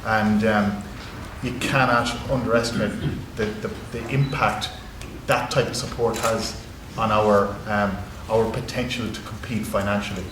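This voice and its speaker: An Irish man answers a panel question in a low, flat voice, earnest and full of ums and restarts. He is heard in an echoey conference hall with a steady hum of background noise. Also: measured pace, few pauses. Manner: earnest, with many fillers and restarts. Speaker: rugby club executive on a panel.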